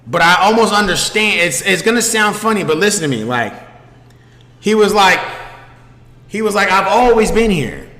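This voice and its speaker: A man's voice: sits high, animated, moderate pace, long pauses, sharp tone. A man hosting his own stream, telling a story casually and animatedly, swearing freely and often checking that the listener is following. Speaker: streamer host. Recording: echoey room with long reverb.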